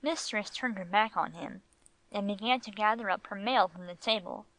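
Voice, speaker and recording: A woman narrating a classic audiobook in a measured, even storytelling manner. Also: medium pitch, dry recording, low-quality recording. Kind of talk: scripted narration.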